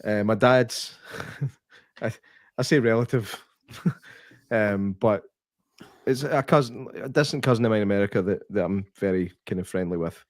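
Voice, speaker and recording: A man's voice: fairly low pitch, moderate pace, no echo, studio quality. A man co-hosting a casual podcast, friendly and teasing, often restarting his words. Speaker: podcast co-host. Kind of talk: casual chat.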